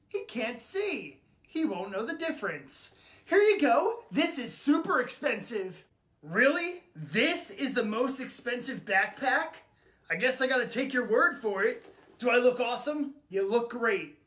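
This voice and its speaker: A woman performing quick, exaggerated comedy skits with many characters. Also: fairly high pitch, lively intonation, fairly bright tone. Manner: quick, exaggerated sketch delivery.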